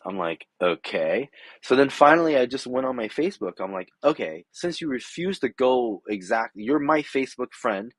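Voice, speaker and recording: A man's voice: medium pitch, dry recording. A middle-aged man telling a story in a casual, rambling way, exasperated, acting out both sides of an argument. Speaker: vlogger. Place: home garage workshop.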